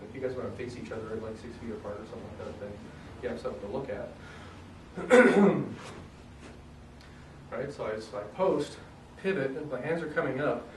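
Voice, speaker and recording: A man teaching a casual self-defense demonstration lesson in a relaxed, joking way, often clearing his throat. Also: mid-range voice, a little hiss or hum. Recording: roomy echo, mic far off, faint ambience.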